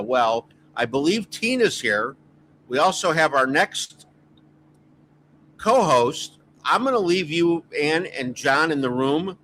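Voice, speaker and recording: A man's voice: mid-range voice, sharp tone. Chatty man hosting from a noisy street. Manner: informal, apologetic, chatty. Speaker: host. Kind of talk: livestream telethon host on video call. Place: outdoors on a noisy street with power line work. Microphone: video call. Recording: faint street noise behind.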